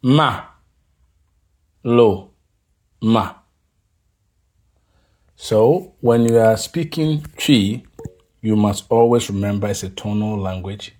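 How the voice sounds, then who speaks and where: A man teaching a language lesson, drilling tones slowly and deliberately, leaving pauses for the listener to repeat after him. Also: on the low side, warm tone. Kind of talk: scripted pronunciation lesson.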